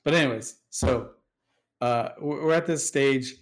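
A man's voice: medium pitch, a little slow. A man tells a sprawling story in loose, casual chat. He swears freely and leans on fillers. He jumps into quoted dialogue as he goes. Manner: rambling, profane, acts out quoted dialogue with fillers. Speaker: storyteller guest recounting game history.

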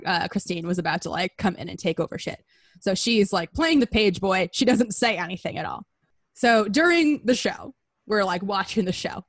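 A woman tells a story in a playful, slang-heavy way, slipping into quick casual voices for each character. Her voice sits mid-range and is recorded dry and close, with no room sound. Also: medium pitch, no echo. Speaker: storyteller recapping a musical. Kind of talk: casual comedic retelling.

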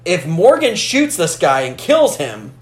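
A man in casual film discussion, animated, acting out movie lines as he retells scenes. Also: a little high, measured pace, reverberant. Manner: animated, acts out movie lines in character voices.

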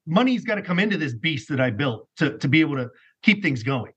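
A middle-aged man telling his personal story as a podcast guest, animated and rambling, peppered with "like". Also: a little high, fast, husky. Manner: animated, rambling, heavy use of "like". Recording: muffled lo-fi recording.

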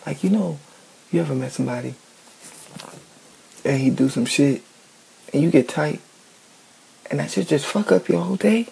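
A man's voice: fairly high pitch, normal speed, vocal fry, long pauses, dark tone, husky, poor audio. A man ranting casually, blunt and profane, often asking "you know what I'm saying".

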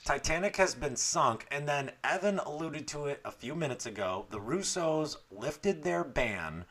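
A man's voice: a little high, expressive, measured pace, a bit bright. A man in his thirties co-hosting a podcast, telling stories in a joking, profane, casual way. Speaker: podcast co-host. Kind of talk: casual chat.

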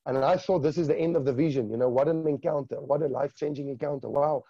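A man giving a fervent, emotional spiritual testimony in conversation, halting often and restarting words. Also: on the high side, steady tone, dark tone, dry recording, highs cut off. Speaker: guest sharing a testimony.

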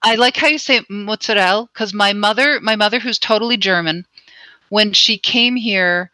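A woman from New Jersey, a guest author chatting in an interview, telling stories in a relaxed way. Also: mid-range voice, normal speed, no room sound, rough recording. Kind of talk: casual interview chat.

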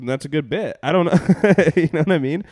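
A man's voice: fairly high pitch, normal speed, darkish tone, dry recording, studio quality. Laid-back young man rambling through stories. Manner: rambling, laughing, full of fillers and swearing. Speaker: comedian and podcast host. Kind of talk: casual storytelling chat.

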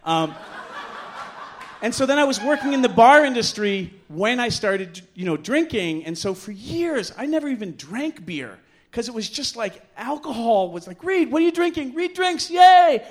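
A middle-aged man telling a bawdy story live on a bar stage, animated and self-mocking, jumping to loud high voices when he acts out what people said. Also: normal speed.

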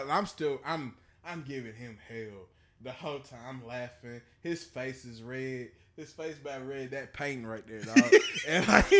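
A man's voice: fairly high pitch, pushed and bright. A man co-hosting a podcast, telling stories in a casual, profane way and laughing through them. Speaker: podcast co-host. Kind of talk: casual storytelling chat.

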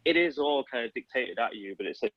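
Illustrator, 30s, husky voice; rambling conversational podcast guest, dry close sound. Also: male voice, medium pitch, expressive, quick pace, no room sound, dull audio. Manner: rambling, lots of fillers and self-corrections.

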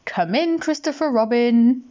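A gentle, dreamy toy bear who muses aloud softly and earnestly, his voice lifted well above the woman reading him's own. He comes from a storybook reading heard through a slightly muffled, lo-fi recording. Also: a little high, animated, a little slow, voice pushed up. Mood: puzzled.

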